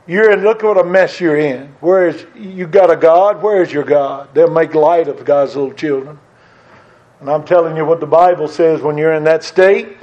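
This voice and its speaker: A fervent preacher with a notably high voice delivers his sermon and throws questions out to the congregation. The recording is dull and lo-fi. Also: darkish tone.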